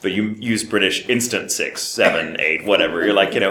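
Deep-voiced man telling stories on a panel. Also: fairly quick, roomy sound, slight background noise. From Texas. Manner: animated storyteller, slips into British voices. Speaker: voice actor guest. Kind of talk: convention panel talk.

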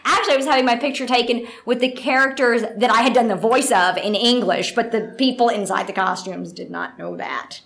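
A woman's voice: on the high side, a little fast, creaky, few pauses, a bit bright. A woman voice actress telling a rambling story in a casual interview, full of fillers and asides. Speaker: voice actress guest.

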